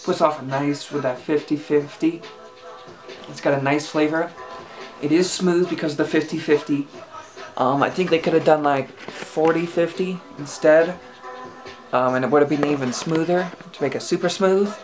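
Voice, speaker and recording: A relaxed home reviewer who rambles through a casual product review, stopping and restarting with plenty of fillers. The voice sits at an ordinary middle pitch, and soft music plays faintly in the background. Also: moderate pace. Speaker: e-liquid reviewer.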